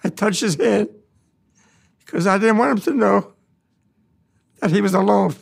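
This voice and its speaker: High, gravelly old man telling war memories. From United States. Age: 90s. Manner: plain, halting, repeats key phrases. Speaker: war veteran recounting memories. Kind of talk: personal testimony storytelling.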